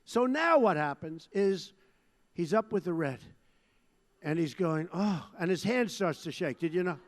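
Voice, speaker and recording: Older male candidate, high-pitched, punchy and boastful rally oratory, heard in a big reverberant hall. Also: animated, measured pace. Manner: emphatic, repetitive, boastful crowd oratory. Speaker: political candidate addressing a rally. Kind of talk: rally speech. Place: large rally venue.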